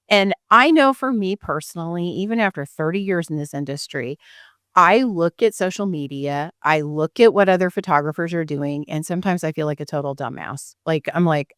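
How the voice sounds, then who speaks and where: A woman's voice: fairly low pitch, fairly bright tone, clear, resonant tone, dry recording, studio quality. A middle-aged woman with a Missouri accent hosting a podcast, talking in a chatty, rambling way and laughing easily. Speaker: podcast host and photographer. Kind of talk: casual podcast chat.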